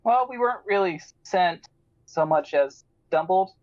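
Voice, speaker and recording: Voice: medium pitch, lively intonation, measured pace, darkish tone, dull audio, voice pushed up, lightly acted. A player voicing a courtly noble lady. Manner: formal, courtly diplomacy. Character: noble lady adventurer, poised and formal.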